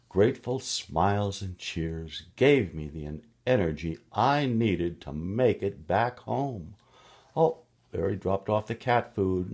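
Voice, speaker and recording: A man with a deep voice reads a picture book aloud to a child. He goes slowly and playfully, adding gasps and tooting sound effects between pages. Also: expressive, darkish tone.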